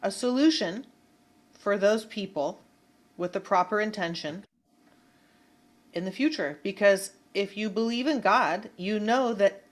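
A woman's voice: mid-range voice, measured pace, long pauses. A woman hosting an online talk show, speaking earnestly about faith in casual chat.

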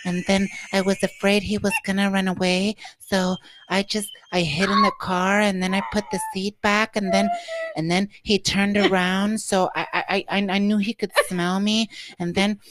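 A man doing a deadpan, rambling imitation of his sister in a flat monotone, as a podcast co-host. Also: sits high, normal speed, no room sound, pitched above the performer's own voice.

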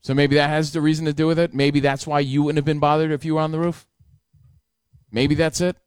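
A man telling a story in casual chat, animated, heated and profane. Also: fairly high pitch, a little fast, clean tone, no echo, studio quality.

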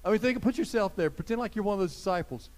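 A man preaching a sermon as pastor, talking straight to his listeners, swinging from loud emphasis to soft, hushed lines. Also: high-pitched, lively intonation, rapid-fire. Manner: conversational, addresses listeners directly.

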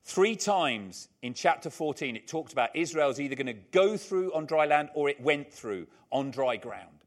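An older male preacher whose voice sits a little high and swings widely as he leans into each point. He repeats his key phrases for emphasis and breaks off into chatty, joking asides to the congregation. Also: expressive, normal speed, hardly any pauses. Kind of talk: sermon.

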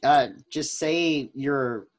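A man's voice: medium pitch, drawn-out words. A young man co-hosting a podcast in casual chat, giggly and rambling with lots of fillers. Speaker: podcast co-host.

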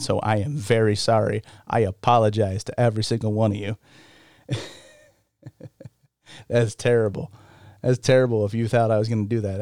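Male solo podcast host, casual rambler, self-deprecating, laughs a lot; smooth mid-pitched voice, dry close mic. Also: darkish tone, no room sound.

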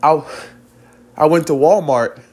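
A man's voice: a little high, takes it slowly, a little mellow. Rambling, earnest man telling a spiritual story. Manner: earnest, rambling with many restarts. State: tearful at times. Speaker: vlogger.

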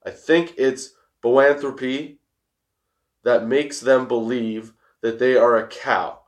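A young man, high and giggling, hosting a rambling, casual stoner chat show and swearing freely. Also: fairly even intonation, unhurried. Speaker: host.

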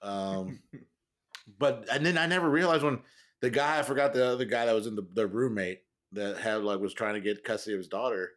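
Low-pitched male podcast host, loose rambling delivery. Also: brisk, fairly bright tone. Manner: rambling, laughs often, trails off. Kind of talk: casual chat.

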